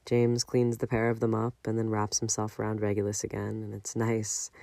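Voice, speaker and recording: A man reading a fan-fiction audiobook aloud in a measured, unhurried way. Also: on the low side, completely flat delivery, gravelly, mellow, no room sound. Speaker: audiobook narrator.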